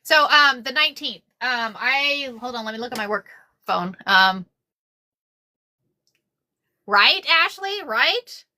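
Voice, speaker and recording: Excitable woman chatting while sewing. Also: on the high side, unhurried. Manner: excitable, repeats herself, says y'all often. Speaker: craft livestream host. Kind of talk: casual livestream chat while sewing.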